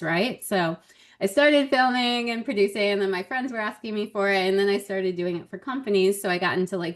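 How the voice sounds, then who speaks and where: A woman comedian as a podcast guest, telling stories in a chatty, animated way with frequent laughs. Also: medium pitch. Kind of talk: casual podcast chat.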